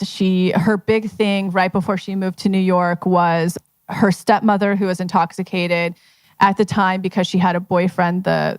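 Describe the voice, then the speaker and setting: A woman's voice: lowish voice, no echo. A woman manifestation coach talking casually to a live audience, telling stories in a chatty way full of fillers. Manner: chatty, filler-heavy, storytelling. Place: live event at a members' club.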